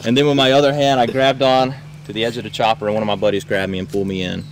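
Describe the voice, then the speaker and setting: A man, a camp counselor, telling campers a wild tall tale, shouting out the characters' lines. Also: sits low, vocal fry. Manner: animated, shouts quoted lines. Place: outdoors at a rural camp. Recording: noisy outdoor camcorder recording.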